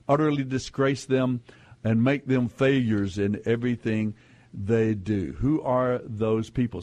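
Laid-back guy hosting a call-in radio quiz, chatty, lots of uhs. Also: mid-range voice. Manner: relaxed, chatty, with fillers and chuckles. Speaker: radio quiz show host. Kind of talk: casual radio call-in talk.

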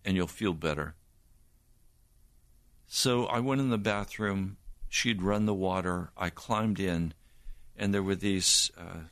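Slow, earnest older man testifying. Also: on the low side, a bit bright, no room sound. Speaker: preacher. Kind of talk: personal testimony.

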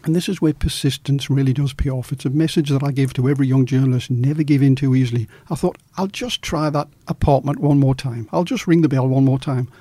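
A middle-aged male journalist from Australia telling a story in an interview, lively and acting out the quoted dialogue. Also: medium pitch, fast, few pauses, dry recording.

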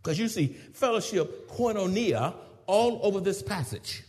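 High, lively man preaching a sermon. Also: big-room sound. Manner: swings between shouted praise and quick teaching asides. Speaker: pastor.

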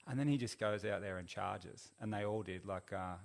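A middle-aged man with a fairly low voice tells a story on a podcast. He rambles in a laid-back way, with plenty of ums and restarts. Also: normal speed, creaky. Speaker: podcast guest. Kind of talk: casual storytelling.

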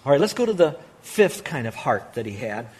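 A man preaching a sermon as pastor, earnestly acting out prayers and dropping between loud and hushed delivery. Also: mid-range voice, sing-song, a little fast, breathy edge.

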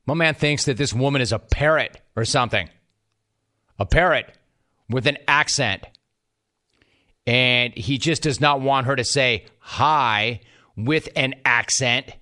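A man's voice: mid-range voice, a little slow, pauses often, pushed and bright. A man delivering scripted sports commentary in a wry, mocking way.

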